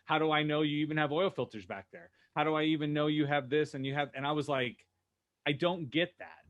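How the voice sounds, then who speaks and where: A man on a video call panel, telling lively stories about running a car dealership and acting out the voices he quotes. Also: on the high side, a little fast, dull audio. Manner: animated storyteller, acts out quoted voices. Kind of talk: casual panel discussion.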